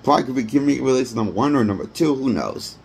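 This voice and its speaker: Gravelly, husky man ranting. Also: mid-range voice, animated, quick pace, darkish tone. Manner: rambling, blunt and profane. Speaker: movie critic. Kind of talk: ranting film review.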